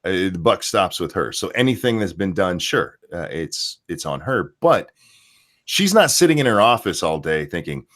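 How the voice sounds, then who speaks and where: A man with a lowish voice hosts a casual talk show. His pitch swings widely as he rants, and he swears freely and rambles between points. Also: moderate pace. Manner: animated, profane, rambling. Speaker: podcast host. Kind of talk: casual opinion chat.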